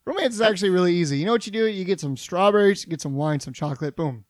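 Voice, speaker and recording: A man co-hosting a podcast, reading out a list at the table and throwing in dry, quick quips. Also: high voice, no echo. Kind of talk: casual banter. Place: table in a dry studio room.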